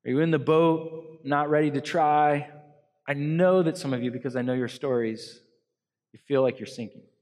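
A man preaching an earnest sermon as pastor to a congregation, swinging between loud emphasis and soft hushed lines. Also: fairly high pitch, moderate pace, big-room sound. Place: church hall.

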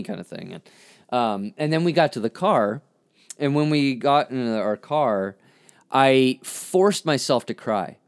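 A man telling a candid personal story as a podcast host, halting and reflective, often restarting his sentences. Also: fairly low pitch, smooth. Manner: frank, self-critical.

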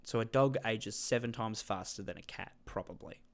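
A man co-hosting a comedic debate podcast on stage, telling animated stories and laughing through them. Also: on the low side, moderate pace, gravelly, a crowd in the background. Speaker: podcast co-host. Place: stage with live audience.

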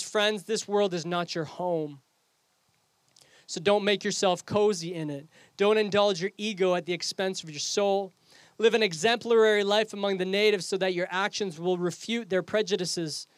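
A male pastor with a high voice delivers an earnest sermon, posing rhetorical questions to the congregation. The sound is dry and close, with no room echo. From Canada.

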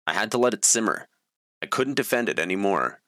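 A man's voice: lowish voice, big pitch swings, fairly quick, sharp tone, no echo, studio quality. A man reading his own story aloud in a plain, matter-of-fact way. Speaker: memoir reader.

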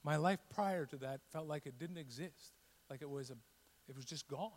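A man preaching a sermon, telling a scripture story and building to loud, passionate repetition. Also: a little high, normal speed, slight background noise. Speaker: pastor.

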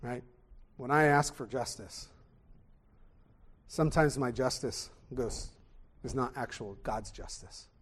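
A man preaching a sermon, animated, swinging from loud exclamations to hushed tones. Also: medium pitch, slow, long pauses, breathy edge.

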